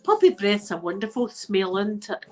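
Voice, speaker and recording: A woman's voice: mid-range voice, sing-song, moderate pace, a little mellow, poor audio. Chatty Scottish woman with a blocked nose. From Scotland. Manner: chatty, rambling, swears casually, laughs often. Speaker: ASMR channel host. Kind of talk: casual livestream chat, answering viewers. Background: faint music playing.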